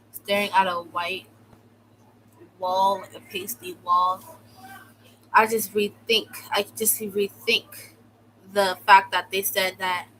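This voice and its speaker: Young adult woman, US-born vlogger, casual storytime rant, sarcastic and dramatic, full of "like", crisp bright tone. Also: mid-range voice, slight background noise, poor audio. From United States. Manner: exaggerated, sarcastic, fills speech with "like". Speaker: vlogger telling a personal story.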